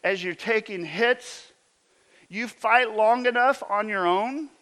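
A man's voice: high-pitched, slow, sharp tone, clear, resonant tone. A man preaching a sermon as a pastor, telling stories and asking emphatic rhetorical questions.

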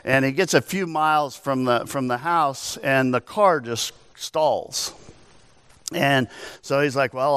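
A man preaching a sermon as pastor, animated, telling stories and asking rhetorical questions. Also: medium pitch, clean tone, no echo.

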